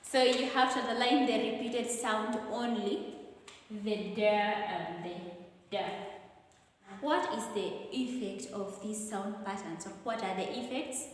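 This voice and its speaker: A Kenyan woman teaches an English revision lesson at a very slow, careful pace. She walks through each answer and repeats the key points. Her voice rings around a bare room with a long, lingering reverb. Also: mid-range voice, a little hiss or hum. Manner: slow, deliberate explaining with repetition.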